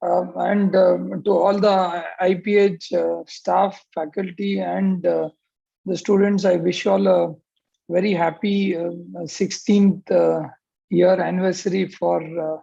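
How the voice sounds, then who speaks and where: A man's voice: high voice, flat delivery, a little slow, gravelly, warm tone, husky. A man giving reflective opening remarks on a panel, hesitant with many fillers, over a video call. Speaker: panelist, surgeon. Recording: dull lo-fi call audio.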